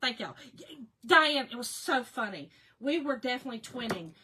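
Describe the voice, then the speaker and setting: Chatty woman, bright voice. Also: on the high side, expressive, normal speed, slight background noise. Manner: chatty, laughing, talks to viewers by name. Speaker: craft livestream host. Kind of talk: casual live crafting chat.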